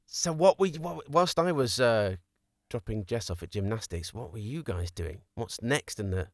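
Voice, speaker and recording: With a mid-range voice and lively intonation, a man co-hosting a podcast tells a rambling tale at a moderate pace, laughing frequently in casual talk. It's studio quality with no echo.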